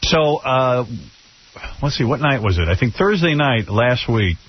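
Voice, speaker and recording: Husky-voiced male radio host. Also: mid-range voice, animated, a little slow, highs cut off. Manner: wry, rambling, laid-back. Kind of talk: casual radio talk with callers.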